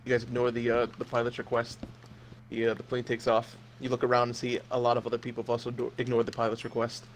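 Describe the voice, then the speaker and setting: A young man running a comedic role-play game as game master, narrating in a deadpan, crude way. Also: medium pitch, fast talker, a little hiss or hum.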